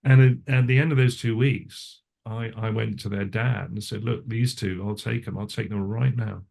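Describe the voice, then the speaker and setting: An older man with a lowish voice talks in a loose, rambling way, trailing off and starting over. He sounds like a film veteran chatting through anecdotes in an interview, asides piling up as he goes. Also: fairly even intonation, moderate pace, vocal fry, darkish tone. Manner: rambling, self-interrupting storyteller; frequent restarts and asides. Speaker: cinematographer. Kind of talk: casual interview.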